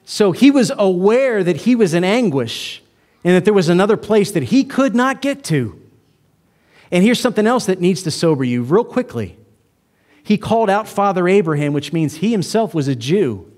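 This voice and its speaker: A man's voice: sits high, a little mellow. A man preaching a sermon as pastor, emphatic and speaking straight to his congregation. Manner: emphatic, addressing the congregation directly.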